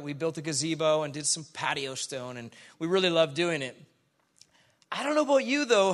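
A man's voice: high-pitched, pushed and bright. A middle-aged man, a pastor preaching a sermon full of chatty, self-deprecating stories.

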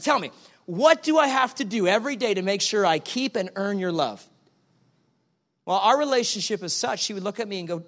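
A middle-aged male pastor preaching a sermon, animated and acting out both sides of little dialogues. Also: sits high, a little fast.

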